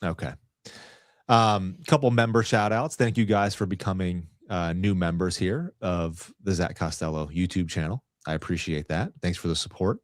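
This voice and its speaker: Very low-voiced laid-back male host. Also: normal speed, dry recording, studio quality. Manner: relaxed, agreeable, frequent fillers. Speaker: show host. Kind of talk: casual podcast chat.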